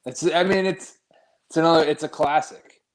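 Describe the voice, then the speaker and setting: A man's voice: fairly high pitch, steady tone, moderate pace, poor audio. Wry, offhand man in banter. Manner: wry, hesitant restarts, casual swearing. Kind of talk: casual chat.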